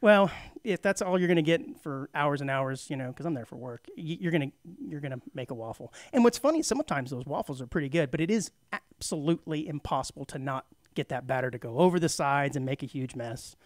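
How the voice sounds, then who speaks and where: A man co-hosting a community radio talk show, telling a rambling, animated anecdote full of fillers. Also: a little high, fairly quick, dry recording, studio quality. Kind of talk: casual chat, storytelling.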